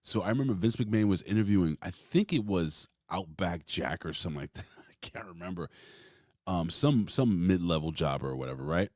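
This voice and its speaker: A man's voice: deep voice, dry recording, studio quality. A man in his forties hosting a casual wrestling podcast, rambling and swearing as he tells stories. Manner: rambling, swears freely, animated storytelling. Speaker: podcast host.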